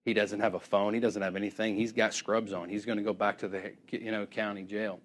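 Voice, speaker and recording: A man preaching through a story, animated and acting out both sides of each conversation, laughing often as he tells it. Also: fairly low pitch, a little fast. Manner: laughs often while telling. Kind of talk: storytelling sermon.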